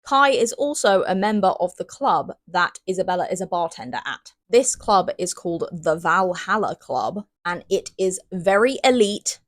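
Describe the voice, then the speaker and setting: A woman's voice: lowish voice, expressive, normal speed, hardly any pauses, no room sound. Chatty young british girl doing a book vlog, dry close sound, gets squealy and dramatic. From Great Britain. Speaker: book vlogger. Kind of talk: casual book review vlog.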